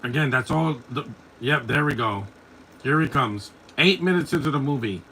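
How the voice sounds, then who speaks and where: A man in his forties talks over a film in a live commentary podcast. His voice is bright and forceful at a middle pitch. He is blunt and opinionated, and he rambles from one gripe to the next. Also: animated, moderate pace, a little hiss or hum. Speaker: podcast host.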